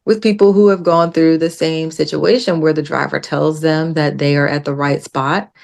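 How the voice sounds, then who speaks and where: A woman guest on a podcast, telling a story in casual chat and acting out the quotes with lively jumps in her voice. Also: low voice, moderate pace, creaky. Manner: animated retelling with acted-out quotes.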